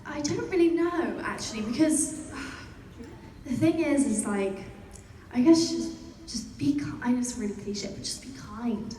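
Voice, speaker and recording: A woman's voice: high voice, a little slow, dark tone. A young woman with a British accent, a convention panel guest answering fan questions in a chatty way, laughing often and using many fillers. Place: large convention hall. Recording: echoey hall from far off, crowd noise.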